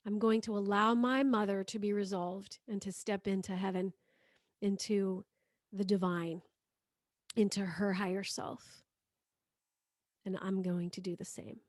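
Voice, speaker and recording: In studio quality with no echo, a medium-pitched woman with fairly even intonation guides listeners through a prayer as a spiritual healing teacher. Her voice is soft and slow, and she offers phrases for them to repeat after her.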